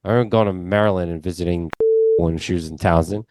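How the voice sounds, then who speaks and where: A man with a New York accent, co-hosting a podcast in casual chat, telling rambling, animated stories full of fillers. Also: deep voice, quick pace, no room sound. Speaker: podcast co-host.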